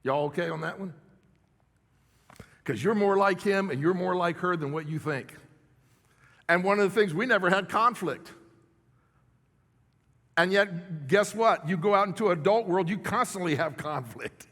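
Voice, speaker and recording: A middle-aged man preaches in a church, his voice sitting a little high for a man. He talks plainly and conversationally, checking in with the crowd as he goes. A long reverb from the big hall trails behind his words. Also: moderate pace, long pauses, a bit bright. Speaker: pastor. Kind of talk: sermon. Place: church sanctuary.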